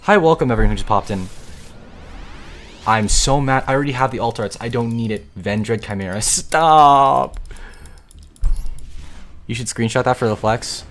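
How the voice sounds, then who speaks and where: A young man chatting on a live gaming stream, excitable and grumbling, swearing casually as he talks to his viewers. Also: mid-range voice, a little fast, faint music behind. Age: young adult.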